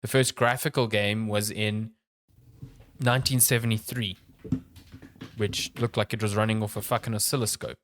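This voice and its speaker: A man's voice: on the low side, flat delivery, moderate pace, long pauses, fairly bright tone. A man of thirty co-hosting a gaming podcast, rambling in casual chat, trailing off mid-thought and swearing offhandedly. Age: 30s. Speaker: podcast co-host.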